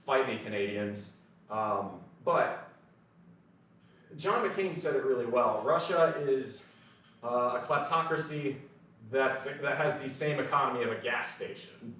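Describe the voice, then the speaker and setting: A man's voice: medium pitch, unhurried, a bit bright, recorded from a distance. An American man hosting a casual fitness livestream, talking bluntly and swearing freely. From United States. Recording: echoey room, voice from off the mic.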